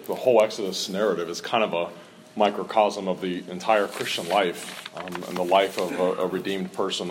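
A man's voice: deep voice, a little hiss or hum. A male pastor in a church, preaching and reading scripture aloud, lifting his voice for the quoted speakers.

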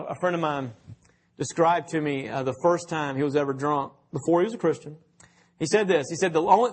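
A man with a fairly high, husky voice preaches a sermon. He talks in a conversational way, putting questions to his listeners and telling anecdotes. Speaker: pastor.

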